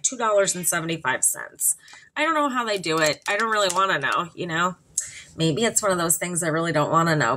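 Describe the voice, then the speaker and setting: A woman's voice: medium pitch, bright, forceful tone, a little hiss or hum. A woman hosting a casual makeup vlog, talking candidly and chattily with frequent ums. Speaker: makeup vlogger.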